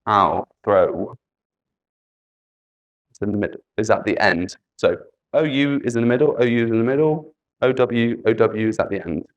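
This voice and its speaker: A man's voice: on the low side, lively intonation, normal speed, dull audio. A man teaching an English spelling lesson, patiently repeating letters and example words.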